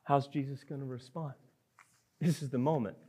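A man's voice: mid-range voice, fairly even intonation, moderate pace, darkish tone, a little hiss or hum. A man preaching a sermon, earnest and emphatic, reading scripture and then acting out a desperate plea. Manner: earnest, emphatic, acts out the leper's pleading. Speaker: pastor.

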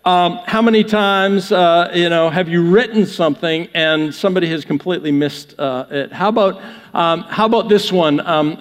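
A male pastor giving a conversational sermon, joking with his congregation in a church with long hall reverb. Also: a little high.

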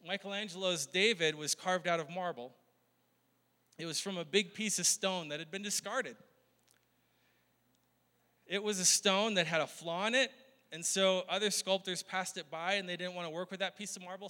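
A man's voice: high-pitched, moderate pace, bright, forceful tone. A male pastor preaching a conversational sermon, often laughing and asking the crowd questions. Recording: long hall reverb.

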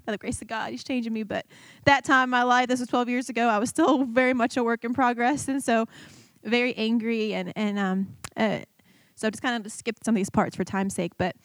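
A woman in her thirties gives a personal testimony in front of her church. Her voice sits a little high and she speaks haltingly, circling back and restarting her sentences. The recording is dry and close, with no room sound. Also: no echo. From Michigan. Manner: halting, many fillers and restarts, emotional. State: tearful. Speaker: church member giving testimony.

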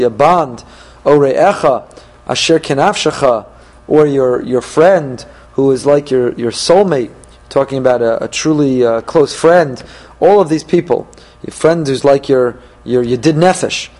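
A man teaching a Torah class, reading verses and translating them phrase by phrase, with frequent pauses and restarts as he thinks aloud. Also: mid-range voice, a little mellow.

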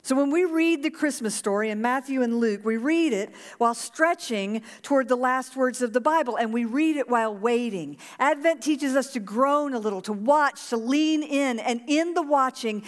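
A woman's voice: high voice, normal speed, few pauses, big-room sound. A woman pastor preaching a sermon to her congregation, earnest and urging them to repeat a prayer. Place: church sanctuary.

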